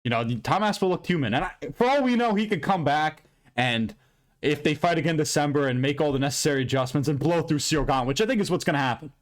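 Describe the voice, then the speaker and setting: A man hosting an MMA recap channel, ranting loudly and profanely in an unscripted, rambling way. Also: fairly high pitch, expressive, fast. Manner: loud, profane, heated and emphatic; rambling with frequent restarts and fillers. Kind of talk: unscripted fight recap rant.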